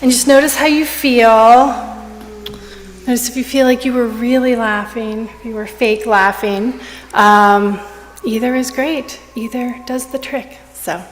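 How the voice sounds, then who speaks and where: A woman leading a congregation through a playful laughter exercise, encouraging and warm in her praise. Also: on the high side, steady tone, unhurried. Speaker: worship leader. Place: church sanctuary. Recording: echoey hall with congregation and music.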